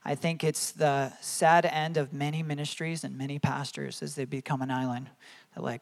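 A man's voice: a little high, flat delivery, moderate pace, gravelly. A man in his thirties preaching a sermon as a pastor, earnest and conversational, laughing at his own stories.

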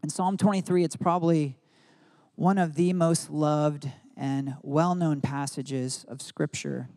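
A man's voice: a little high, fairly even intonation, slow pace, a little mellow. A married man giving an earnest devotional Bible teaching, mixing reflection with spoken prayer declarations. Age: adult, married. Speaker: preacher.

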